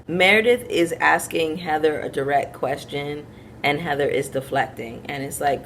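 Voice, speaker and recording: A woman's voice: low voice, moderate pace, fairly bright tone, slight background noise. A woman chatting casually to her viewers as she recaps a reality TV episode, opinionated and talking straight to her audience.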